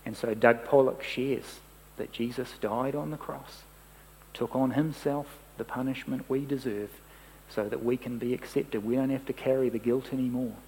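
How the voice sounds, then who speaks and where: A man preaching a sermon, telling a story and dropping to a hush for quoted lines. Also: medium pitch, big-room sound, a little hiss or hum, poor audio.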